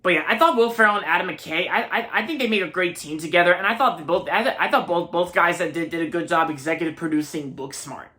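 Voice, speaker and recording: A man's voice: a little high, fast talker, few pauses, bright, forceful tone. A young man in his early twenties from Maryland, giving a rambling, casual movie review and often repeating himself. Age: early 20s.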